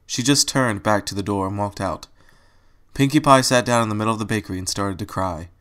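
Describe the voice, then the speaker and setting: A man reading fan fiction aloud as a storybook narrator, plain and calm, with small slips. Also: lowish voice.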